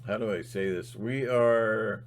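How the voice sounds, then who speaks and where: A man giving a rambling spiritual monologue, halting and restarting often. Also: on the low side, slight background noise. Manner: halting, full of fillers and restarts. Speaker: channel host.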